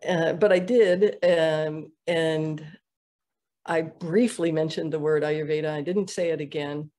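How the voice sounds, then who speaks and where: A middle-aged woman telling a story in a podcast interview, halting with many fillers and restarts. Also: low-pitched, steady tone, dark tone. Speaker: interview guest, Ayurvedic practitioner. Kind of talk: conversational storytelling.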